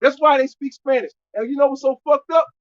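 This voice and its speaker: Loud, profane high-voiced street preacher. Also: male voice, fairly quick, muffled recording.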